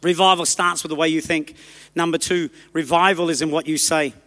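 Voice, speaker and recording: A man preaching a sermon, emphatic and exhorting, pressing his listeners in quick bursts. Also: on the high side, fairly even intonation, sharp tone, big-room sound.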